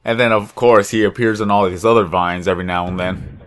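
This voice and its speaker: A young gaming channel host speaks a little fast, his fairly low voice keeping a fairly even intonation. Over a headset, he chats casually and rambles in a relaxed way as he plays the game.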